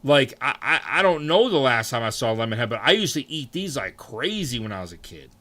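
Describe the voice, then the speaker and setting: A young man streaming, chatting casually with his viewers, swearing freely and jumping into mock outrage. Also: fairly quick. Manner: animated, swears freely, answers chat, jumps into high mock outrage. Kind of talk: casual live-stream chat.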